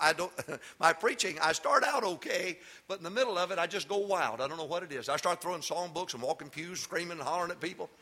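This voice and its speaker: A high-pitched man preaching in a church, his tone bright and cutting. He trades jokes and stories with the congregation, then swings into hollered calls for amens. He is a middle-aged pastor holding the room. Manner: jokey storytelling that builds into shouted exhortation. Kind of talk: humorous sermon. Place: church before a live congregation.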